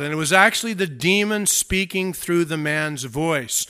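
A man's voice: fairly high pitch, animated, unhurried, pushed and bright, smooth. A male pastor preaching a sermon, reading scripture aloud and adding joking asides.

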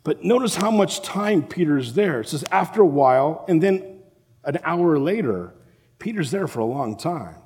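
A man preaching a sermon as a pastor, animated and acting out the voices of the people in the story. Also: on the high side, normal speed. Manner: animated, acts out the quoted voices. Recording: long reverb of a large hall.

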